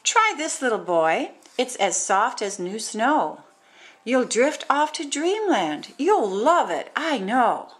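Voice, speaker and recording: A man's voice: very high voice, very animated, takes it slowly, fairly bright tone, full character voice. A woman voicing a kindly, humble peasant man in a storybook reading. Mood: coaxing.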